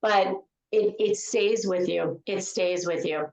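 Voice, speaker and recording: A woman's voice: mid-range voice, fairly even intonation, slow, creaky, darkish tone. A woman author and confidence speaker talking in a podcast interview, emphatic and given to repeating her key points. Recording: echoey room.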